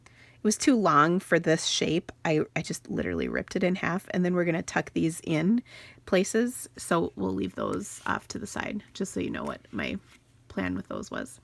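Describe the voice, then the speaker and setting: A woman in her forties talks through a craft tutorial in a relaxed, chatty way, drifting into stories and laughing at herself. Her voice has a gravelly, fry-edged texture. It sits close and dry, with no room sound around it. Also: fairly low pitch, moderate pace, dry recording. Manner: chatty, rambling storyteller with laughing asides. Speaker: card-making channel host.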